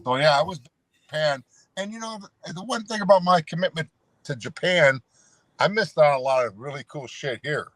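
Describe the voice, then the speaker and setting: A man's voice: fairly high pitch, fairly quick, fairly bright tone, no room sound. A man, a former pro wrestler, telling road stories as a guest in a casual, rambling way, calling the host "brother" and leaning on "you know". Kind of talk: casual storytelling.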